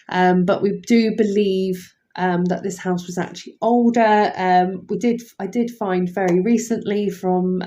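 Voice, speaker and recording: A woman's voice: mid-range voice, a little mellow. A woman, chatting casually and rambling with lots of ums while streaming live from a house at night on a phone. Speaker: paranormal investigator streaming live. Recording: roomy echoey house.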